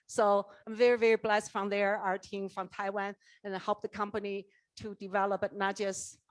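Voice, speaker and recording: Middle-aged woman, animated motivational speaker on a stage mic, dry sound. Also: mid-range voice, no room sound. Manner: animated storytelling, acts out dialogue, asks the audience questions. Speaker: network marketing leader giving a keynote. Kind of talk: motivational speech. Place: conference stage.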